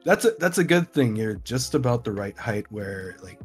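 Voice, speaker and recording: A man appearing as a guest on a streamed roleplay, bawdy and cheeky, delivering innuendo deadpan. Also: fairly low pitch, moderate pace, faint music behind. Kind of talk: casual comedic roleplay.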